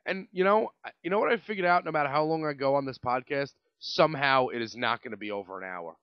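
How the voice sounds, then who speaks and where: A man in his late twenties with a New York accent, hosting a podcast and telling a rambling, profane story in a casual, animated way. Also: medium pitch, fast talker, clear, resonant tone, dry recording, highs cut off. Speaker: podcast host.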